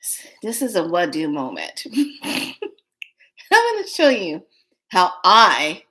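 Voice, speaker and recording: A middle-aged woman with a low-pitched voice talks straight to her viewers. She tells a personal story in a loose, casual way, repeating words and restarting her sentences as she goes. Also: wildly swooping pitch, slow, pushed and bright. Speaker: spiritual vlogger.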